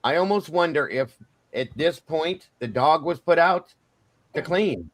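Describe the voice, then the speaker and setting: A man's voice: a little high, lively intonation, a little slow, fairly bright tone, no room sound. Blunt, profane man hosting a stream. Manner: blunt and profane, keeps saying it is just his opinion. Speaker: livestream host. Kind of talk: casual true-crime discussion stream.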